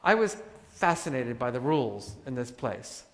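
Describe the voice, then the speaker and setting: A man giving a live talk to an audience, animated and joking as he acts out examples. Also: mid-range voice, normal speed. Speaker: workshop speaker. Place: large hall with audience. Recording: hall reverb.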